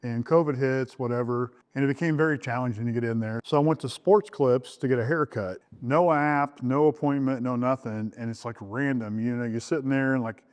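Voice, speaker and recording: A middle-aged man, the groom, tells the story of how he met his wife. He talks candidly and jumps up in pitch when he acts out old conversations. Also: a little fast, hardly any pauses, darkish tone. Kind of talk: recorded interview about his relationship.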